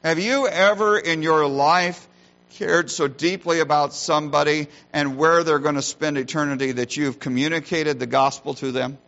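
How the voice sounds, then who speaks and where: A man's voice: on the high side, fairly even intonation, normal speed, fairly bright tone. Earnest preaching man, dull recording. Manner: earnest preaching, varied emphasis, rhetorical questions. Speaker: pastor. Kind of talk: sermon.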